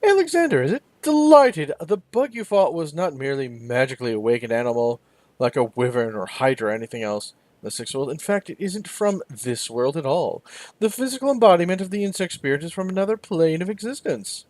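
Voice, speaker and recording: A man voicing a flamboyant, condescending male elf in a video game, in a high, theatrical, sing-song voice. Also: animated, brisk, darkish tone, no echo, lightly acted. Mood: lecturing.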